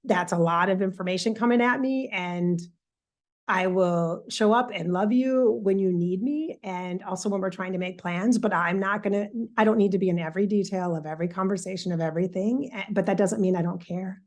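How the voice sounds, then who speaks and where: A woman's voice: mid-range voice, a little fast, darkish tone. A woman, an intuitive coach, talking earnestly in a loose, repetitive monologue and acting out her own side of a chat with a friend. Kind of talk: reflective casual monologue.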